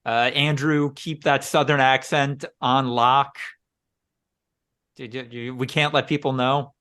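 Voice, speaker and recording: A man's voice: medium pitch, flat delivery, slow, fairly bright tone, smooth. A man in his late twenties, co-hosting a podcast in casual, joking banter with friends. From Wisconsin, US. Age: 20s. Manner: joking, rambling, restarts a lot. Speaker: podcast co-host. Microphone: podcast microphone.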